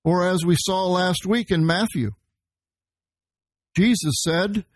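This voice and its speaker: A man's voice: high-pitched, takes it slowly, no room sound. A man preaching as pastor, teaching verse by verse and explaining the Greek words behind the scripture he quotes. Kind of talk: verse-by-verse sermon.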